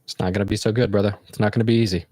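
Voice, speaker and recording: Guy, lowish voice, dry close sound, rambling reflective stream host. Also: steady tone, racing, darkish tone, dry recording. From United States. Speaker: livestream host. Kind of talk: casual livestream chat.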